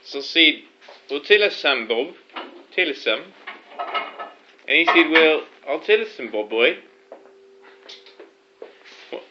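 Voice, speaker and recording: Loud stammering man in a comedy skit. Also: fairly high pitch, very animated, slow, pauses often, background noise. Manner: loud, stammering, repeating words. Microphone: video camera. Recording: muffled lo-fi home video recording.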